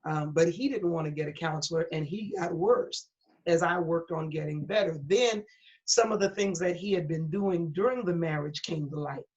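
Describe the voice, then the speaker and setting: This middle-aged pastor, a guest in an interview, offers her testimony with candor, earnestness, and a preacher's emphasis. Her voice is low and a little mellow at a moderate pace, and the audio is dull and lo-fi.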